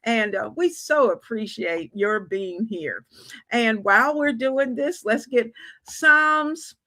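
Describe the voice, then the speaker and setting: An older woman hosting a livestream chat show, talking gently and rambling with many fillers. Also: fairly high pitch, lively intonation, takes it slowly, dry recording. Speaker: show host.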